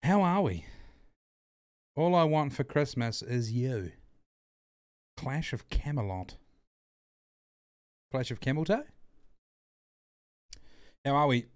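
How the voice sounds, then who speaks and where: A man's voice: mid-range voice, animated, slow, long pauses, no room sound, studio quality. Crude, jokey New man streaming. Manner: crude, jokey banter, reads chat aloud, repeats himself. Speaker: livestream host. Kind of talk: casual livestream chat while gambling.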